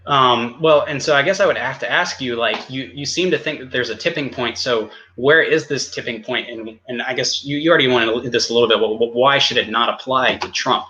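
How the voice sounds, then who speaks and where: Bright-voiced man debating fast. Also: mid-range voice, highs cut off, a little hiss or hum. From United States. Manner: rapid, halting, many restarts. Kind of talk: online debate, cross-examination.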